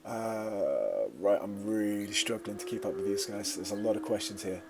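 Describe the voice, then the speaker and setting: A man's voice: lowish voice, lively intonation, moderate pace, gravelly, heavy background noise. A man teaching media studies, answering viewer questions in a casual live-streamed revision session, with frequent fillers.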